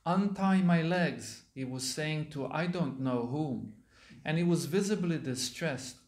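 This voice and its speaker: A man, a monk giving a sermon, reading a story aloud and pausing to explain words to his listeners, in a temple hall. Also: on the high side. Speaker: monk lecturer.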